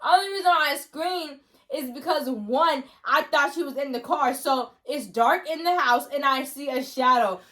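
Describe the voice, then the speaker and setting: A young woman co-hosting a chat show with her mother, defensive and excitable as she protests her side. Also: sits high, normal speed. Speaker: podcast co-host, daughter. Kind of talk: casual chat.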